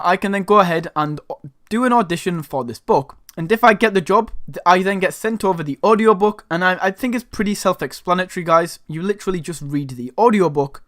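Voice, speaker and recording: An online side-hustle tutorial host from Northern England walks viewers through a screen share, upbeat and chatty, with a Northern English accent and a habit of calling them "guys." His voice sits high with a fairly bright tone, recorded dry at studio quality.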